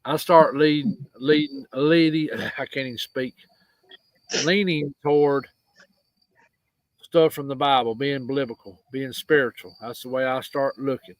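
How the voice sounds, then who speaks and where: A man hosting a live stream, talking earnestly and haltingly about faith. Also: mid-range voice, fairly even intonation, dry recording, poor audio. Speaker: host. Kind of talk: casual live-stream conversation.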